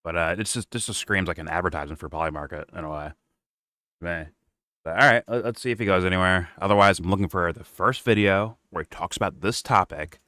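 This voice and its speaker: Deep-voiced male reaction host, blunt and foul-mouthed, close dry mic. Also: fast, sharp tone, dry recording. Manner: blunt, profane, mocking. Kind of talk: casual profane reaction chat.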